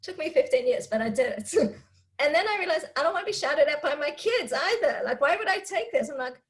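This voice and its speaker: Woman with a higher voice, candid and chatty, fielding parenting questions live. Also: big pitch swings, fairly quick, poor audio. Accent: non-Israeli English speaker living in Israel. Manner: candid, chatty, laughs often. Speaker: parenting speaker answering questions. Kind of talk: live talk with audience questions.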